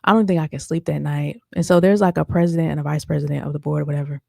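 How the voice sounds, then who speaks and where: A woman's voice: low voice, fairly even intonation, quick pace, gravelly, a little mellow, no room sound, clean studio sound. A woman podcast host telling a personal story in a chatty, casual way, talking straight to her listeners with lots of fillers. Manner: chatty, addresses listeners as y'all, many fillers.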